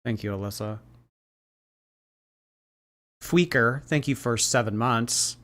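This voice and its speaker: A man's voice: medium pitch, slow, fairly bright tone. A man hosting a casual livestream, reacting to clips and thanking viewers by name. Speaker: livestream commentary host.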